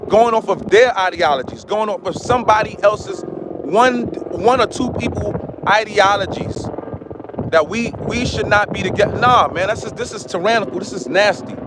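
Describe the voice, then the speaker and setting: A man's voice: sits high, moderate pace, background noise. A man hosting his own commentary channel, giving a heated, repetitive monologue. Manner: impassioned, repetitive, restarts often.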